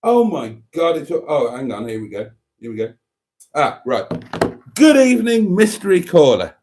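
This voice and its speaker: A man's voice: on the high side, sing-song, moderate pace, a little mellow. A man hosting a livestream, tipsy from wine, chatting, laughing and reading comments aloud. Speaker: livestream host. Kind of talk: casual livestream chat.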